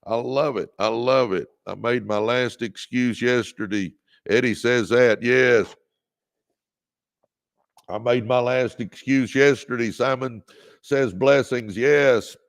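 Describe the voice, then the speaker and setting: A man's voice: mid-range voice, takes it slowly, gravelly, dry recording, studio quality. A man from Texas hosting a livestream, giving a preachy motivational talk that repeats phrases, calls listeners baby and greets viewers by name. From Texas, United States. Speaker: livestream host and motivational speaker.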